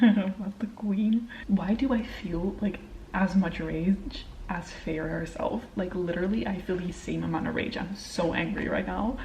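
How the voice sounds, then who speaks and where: Excitable young woman with a mellow voice. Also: mid-range voice, measured pace, a little hiss or hum, rough recording. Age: young adult. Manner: excitable, swears freely, drops to hushed whispers. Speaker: book vlogger. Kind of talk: casual reading reaction vlog.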